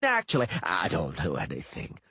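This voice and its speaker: A man reading an audiobook, voicing a cold, terse male monster hunter in a low, husky, curt voice. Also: huge pitch swings, normal speed, sharp tone, no room sound, full character voice.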